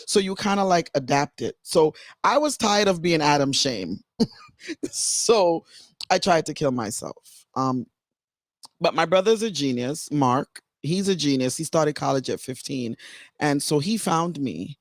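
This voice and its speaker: A woman's voice: low-pitched, expressive, unhurried, dry recording, studio quality. A woman author telling her life story candidly on a radio show, digressing and fighting back tears. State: close to tears. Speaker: author and guest. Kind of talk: emotional personal storytelling.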